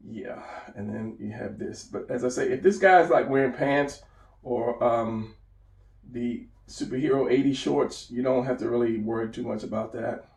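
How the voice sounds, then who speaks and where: A man's voice: mid-range voice, moderate pace, a little mellow, echoey room, recorded from a distance. A man giving an unscripted drawing lesson, rambling and correcting himself as he sketches. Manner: rambling, self-correcting, talks while drawing. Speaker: drawing instructor.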